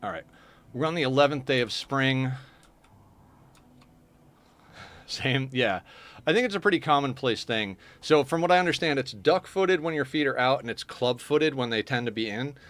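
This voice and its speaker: A man's voice: medium pitch, expressive, fairly quick, a bit bright. Chatty man streaming a game live. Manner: chatty, answers viewer chat while playing. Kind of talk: casual live-stream chat.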